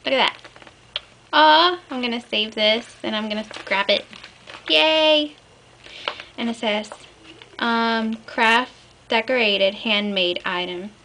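A woman's voice: a little high, takes it slowly, long pauses, bright, forceful tone. A woman chatting casually to her viewers as she opens a package, gushing and enthusiastic with frequent fillers. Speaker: crafting vlogger. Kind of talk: casual unboxing chat. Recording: clear background noise.

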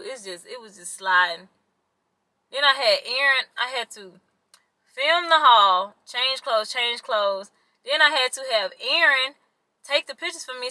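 A woman's voice: a little high, bright, forceful tone, dry recording, poor audio. A young woman, chatting casually to the camera in a vlog and complaining to her viewers. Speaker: vlogger.

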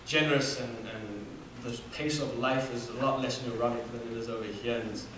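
A young man in his 20s from Namibia tells a personal story as a student speaker, earnest and a little fast, with fillers and restarts. His mid-range voice is fairly bright with fairly even intonation. The hall is echoey, the mic far off, and there's a little hiss or hum.

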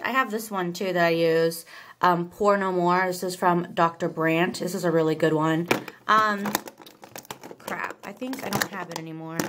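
A young vlogger with a drawl chats casually through her home vlog, rambling with plenty of fillers. She shifts into a high cooing voice when talking to her pets, and there's background noise.

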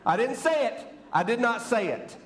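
A man's voice: extremely high pitch, sing-song, normal speed, a little hiss or hum. A man preaching a sermon from a church stage, playful and conversational, teasing the congregation as he talks. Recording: roomy church echo.

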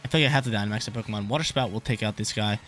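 Fast-talking young man commentating a game. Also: lowish voice, a bit bright. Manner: thinks aloud, repeats phrases, casual slang. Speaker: gaming YouTuber. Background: game music.

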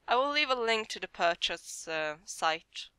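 A let's play host who reads a narrative game's text aloud slowly and dramatically, then chats with excitement about the game. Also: mid-range voice, smooth, no echo.

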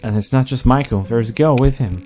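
A man voicing an eerie young boy, reading game dialogue aloud in a soft, earnest, raised voice. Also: medium pitch, fast talker, soft background music, lightly acted.

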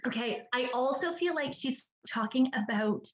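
A woman's voice: high-pitched, expressive, normal speed, roomy sound, poor audio. A woman from British Columbia, giving a chatty psychic reading over a video call, full of "like" and "do you understand that?". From British Columbia, Canada. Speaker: psychic medium.

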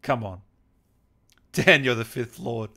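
A man's voice: mid-range voice, takes it slowly, vocal fry, sharp tone. A man hosting a gaming livestream interview, chatting casually, reading out viewer comments and laughing often.

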